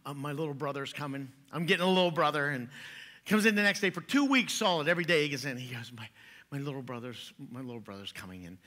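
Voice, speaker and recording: A man's voice: a little high, sharp tone. A man preaching a sermon in a church, joking in a folksy way and chuckling at his own jokes. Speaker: pastor. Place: church sanctuary.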